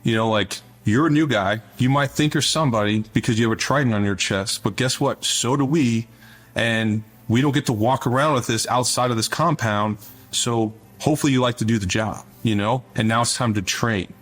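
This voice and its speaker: A man's voice: mid-range voice, moderate pace, fairly bright tone. A middle-aged man, a former Navy officer, speaking as an interview guest, telling stories in an earnest, conversational way that often repeats words as he starts a thought. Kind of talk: interview storytelling.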